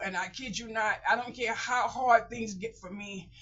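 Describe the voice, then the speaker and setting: A woman's voice: fairly high pitch, fairly even intonation, moderate pace, hardly any pauses, a bit bright. A woman talking candidly in a personal vlog, blunt and emotional, rambling and repeating herself. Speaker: vlogger. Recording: dull lo-fi audio.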